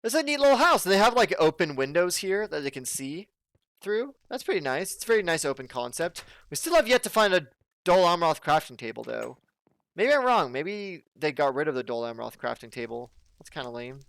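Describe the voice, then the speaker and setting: Brief: a chatty, jokey man from the southern United States as a let's play host, with a smooth voice. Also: fairly high pitch, sing-song, normal speed, fairly bright tone, no room sound. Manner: chatty, jokey, thinking aloud. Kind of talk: casual gameplay commentary.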